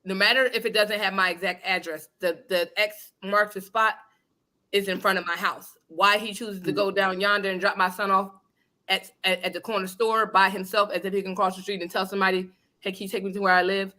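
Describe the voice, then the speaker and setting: A woman hosting a casual talk show, telling a story in an animated, emphatic and blunt way. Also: mid-range voice, a little fast. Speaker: host. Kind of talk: casual chat. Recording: live online radio show.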